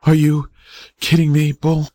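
A man voicing a frail, dying little boy who talks in a faint, slow whisper. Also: a little high, monotone, warm tone, dry recording, studio quality, voice pushed up, natural voice. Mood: hopeful.

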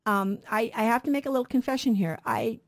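A woman's voice: fairly high pitch, animated, brisk. A woman hosting a radio Bible show, teaching earnestly and asking questions she then answers.

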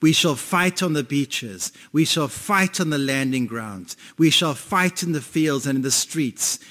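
A male pastor imitating a grave old British wartime statesman with slow, solemn oratory. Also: fairly high pitch, lively intonation, a bit bright. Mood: defiant. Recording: long reverb in a hall.

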